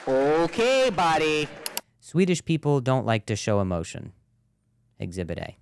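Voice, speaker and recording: A man doing stand-up crowd work on a club stage into a handheld mic, with a stutter, quick self-deprecating quips and low muttered asides. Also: lively intonation, vocal fry, slight background noise. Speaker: stand-up comedian.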